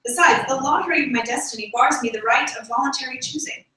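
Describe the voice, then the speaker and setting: A woman reading a play aloud, voicing a composed young noble lady in a measured, formal way. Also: sits high, pushed and bright. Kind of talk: live read-aloud of a play. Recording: echoey room, distant mic.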